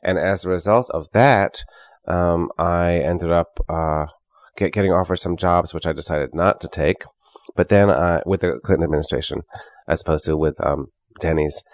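A middle-aged man, a singer in a drag a cappella group, trading deadpan bawdy wisecracks in a radio interview. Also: low-pitched, normal speed, no room sound, studio quality.

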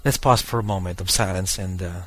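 A man's voice: deep voice, fairly quick, fairly bright tone, breathy edge, dry recording. A man hosting a podcast, talking casually to his listeners with many fillers and restarts. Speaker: podcast host.

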